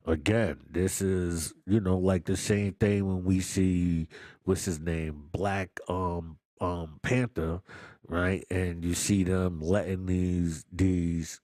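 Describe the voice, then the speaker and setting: A man with a very deep voice talks through a movie review in an easy, unhurried drawl. His talk is loose and slangy, full of repeats and quick laughs. The sound is dry and close, with no room in it. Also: darkish tone, no room sound. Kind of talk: casual chat.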